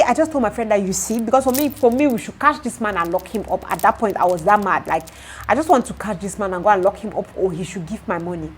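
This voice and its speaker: A young woman with a Nigerian accent, retelling a story to her vlog audience in a lively, exasperated way. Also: medium pitch, fast talker, a little hiss or hum. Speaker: vlogger. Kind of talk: casual storytelling to camera.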